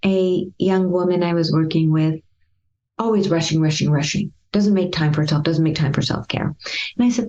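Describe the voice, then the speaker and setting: A woman therapist in an interview, telling a client's story and acting out the past conversations in a gentle, lively way. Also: low voice, moderate pace, muffled recording. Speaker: therapist guest.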